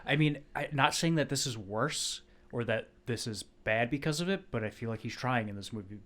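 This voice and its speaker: A man's voice: medium pitch, animated, moderate pace, a bit bright. A man hosting a podcast, talking casually about movies with lots of fillers and casual swearing. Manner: loose, filler-heavy talk, swearing casually. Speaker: podcast host.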